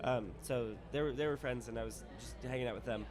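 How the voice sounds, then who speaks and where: A man with a hoarse, raspy voice, a podcast guest chatting casually and joking about himself. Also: mid-range voice, brisk, a crowd in the background. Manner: laid-back, joking, self-deprecating. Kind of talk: casual chat.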